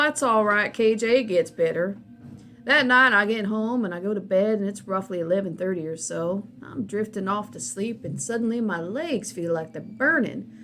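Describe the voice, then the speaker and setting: A woman voicing a chatty male trucker with a deep Southern US drawl, telling a folksy story over a late-night call-in line. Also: fairly bright tone, lightly acted.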